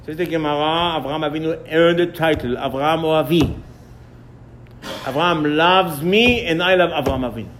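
A man teaching a Torah lesson in an animated way, acting out dialogues and repeating himself. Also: a little high, normal speed, a little hiss or hum.

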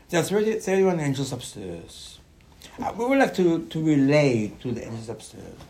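Animated man teaching Torah. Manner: animated, repeats words, leaps in pitch. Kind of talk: Torah class.

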